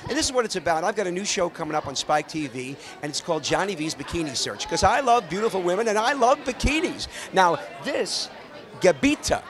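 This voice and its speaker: A man's voice: sits high, sing-song, fairly quick, a crowd in the background. A man hosting interviews at an event, showy, flirty and jokey. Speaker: host.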